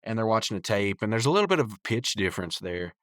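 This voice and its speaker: Low-voiced man rambling through a recap. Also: very animated, fast talker, no room sound, clean studio sound. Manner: rambling, loose, lots of fillers. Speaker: podcast host reviewing a cartoon. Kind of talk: casual recap and review.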